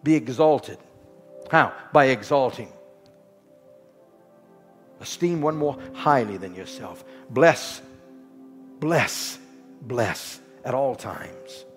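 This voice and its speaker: A man preaching a sermon with rhythmic repetition, swinging from loud exhortation to soft, low lines. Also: slow, pauses often. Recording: long hall reverb with faint music.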